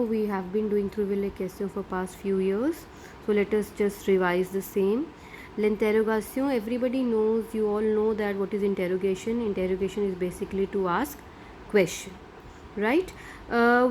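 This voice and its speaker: A woman's voice: mid-range voice, darkish tone, slight background noise. A middle-aged woman teaching a French grammar lesson, explaining patiently step by step and checking in with "right?".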